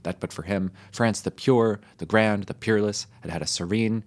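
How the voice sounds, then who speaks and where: A man's voice: lowish voice, moderate pace, close to an everyday voice. A man voicing a grandiose male French orator who declaims a long list of dates. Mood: declaiming. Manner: pompous, declamatory.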